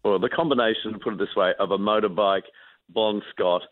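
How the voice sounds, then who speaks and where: Brief: author guest, low-ish and animated, phone-line audio. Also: male voice, a little fast, no echo. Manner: animated, acts out quoted voices, many restarts. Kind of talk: anecdotal storytelling. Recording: tinny dry phone line.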